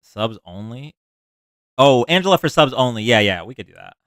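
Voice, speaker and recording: A man's voice: medium pitch, lively intonation, moderate pace, fairly bright tone, dry recording, clean studio sound. A man hosting a casual livestream, chatting and explaining a word game to his chat with frequent restarts. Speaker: livestream host.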